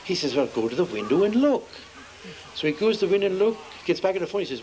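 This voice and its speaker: A man's voice: big pitch swings, fast talker, background noise. A man telling folksy jokes to a festival audience, acting out the characters' lines as he goes. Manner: homespun storyteller, acts out dialogue with shifting pitch. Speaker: joke teller. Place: outdoor festival.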